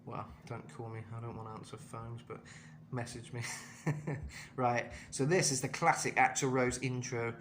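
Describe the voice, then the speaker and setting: A man's voice: mid-range voice, steady tone, normal speed, fairly bright tone, slight background noise. A man giving a casual vocal lesson in a chatty way, full of fillers and asides. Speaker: vocal coach.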